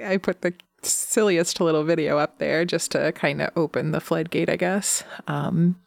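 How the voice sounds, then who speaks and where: A woman who makes hypnosis audio, chatting casually to her listeners in a soft, giggly, affectionate morning voice. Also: deep voice, gravelly, no room sound.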